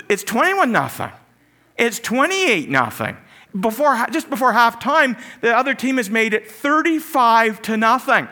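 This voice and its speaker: A middle-aged man preaching a sermon, telling stories with animated delivery and acted-out voices. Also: high voice, moderate pace, gravelly. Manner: animated storytelling, acts out voices.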